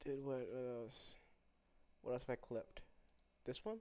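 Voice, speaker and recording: A man's voice: mid-range voice, steady tone, a little slow, noisy background. A man chatting casually on a live stream, rambling and repeating himself while teasingly looking back over his old clips.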